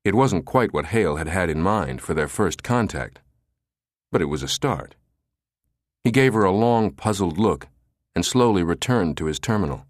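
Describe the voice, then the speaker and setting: Deep-voiced male audiobook narrator. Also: expressive, normal speed, dry recording, clean studio sound. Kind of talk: scripted narration of a thriller novel.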